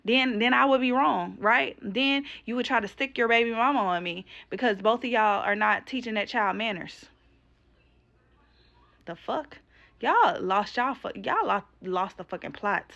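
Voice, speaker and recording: A woman's voice: on the high side, unhurried, creaky, a bit bright, dull audio. A woman telling a story about an argument in a casual rant, blunt and indignant, swearing freely and asking her viewers to weigh in. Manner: addresses viewers directly. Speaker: vlogger.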